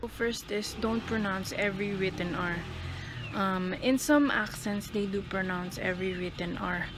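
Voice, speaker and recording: Slow-talking woman explaining pronunciation. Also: mid-range voice, very noisy. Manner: slow and careful, repeats example words. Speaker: student presenter.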